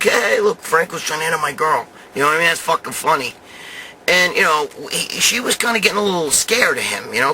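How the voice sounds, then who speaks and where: A man's voice: a little high, sharp tone, a little hiss or hum. A middle-aged man telling a long, rambling story full of swearing and tough-guy bravado, talking straight to his audience. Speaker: show host telling a story. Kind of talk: profane storytelling monologue.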